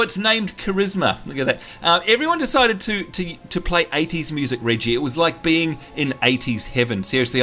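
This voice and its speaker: An Australian man hosting a casual game commentary, chatty, excitable and teasing, talking over a headset. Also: fairly high pitch. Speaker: host.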